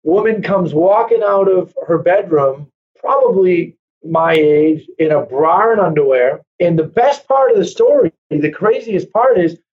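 A man who runs a real estate brokerage, telling lively stories in a casual interview and acting out quoted voices. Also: high-pitched, a little slow, few pauses. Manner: animated storyteller, acts out quoted voices. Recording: dull lo-fi sound.

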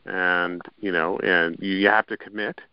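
A man hosting an interview, talking in a halting way with many fillers and short replies. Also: low-pitched, fairly even intonation, clean tone, no echo. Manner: halting, full of "you know" and backchannels. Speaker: podcast host. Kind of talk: interview conversation. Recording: dry, dull lo-fi audio.

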